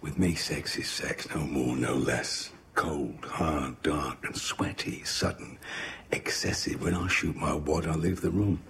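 A man doing a deep, cold, soothing talker. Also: vocal fry, a little hiss or hum, full character voice. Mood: coaxing. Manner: slow, calm, intimate. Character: cold, composed middle-aged man, menacingly soothing.

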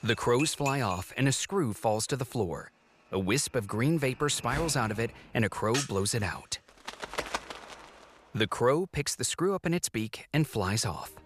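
A man's voice: medium pitch, background noise. Man reading audio description. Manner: measured, even reading. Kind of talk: scripted narration. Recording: narration over film music.

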